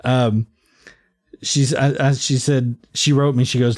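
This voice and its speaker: A man with a mellow, darker tone chats casually on a podcast, wandering through his thoughts and circling back on his sentences. His voice is close and dry, with no room sound around it. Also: mid-range voice, steady tone, measured pace, no echo. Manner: rambling, many fillers and restarts. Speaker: podcast host. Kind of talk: casual chat.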